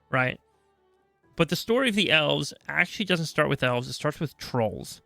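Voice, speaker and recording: A man's voice: a little high, lively intonation, normal speed, creaky, sharp tone, dry recording, soft background music. A man hosting a podcast, explaining game lore in a chatty, casual way and checking in often with "right?". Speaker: podcast host.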